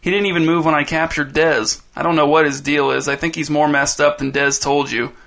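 A man reading a steady, determined boy. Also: fairly high pitch, brisk, vocal fry. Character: determined boy protecting his brother.

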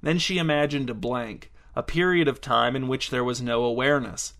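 Deadpan male story narrator. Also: mid-range voice, moderate pace. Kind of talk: audiobook narration.

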